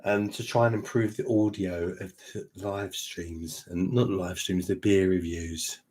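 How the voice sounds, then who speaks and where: A man's voice: low voice, fairly even intonation, unhurried, a little mellow, husky. A tipsy man, chatting casually and rambling through a beer live stream at home, matey and swearing freely. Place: home room with sound panels.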